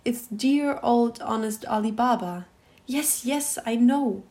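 A woman voicing an old miserly man in a literary reading, speaking excitedly between laughing and crying. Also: fairly high pitch, takes it slowly. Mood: ecstatic.

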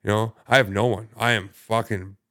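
A man's voice: lowish voice, fairly even intonation, moderate pace, bright, forceful tone. A young man, a podcast guest, telling his recovery story in casual talk, rambling with many fillers and heavy swearing.

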